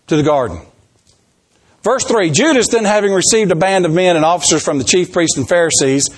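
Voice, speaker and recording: A man preaching a sermon, telling stories animatedly and acting out the quotes. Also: high-pitched. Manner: animated storytelling, acts out quotes.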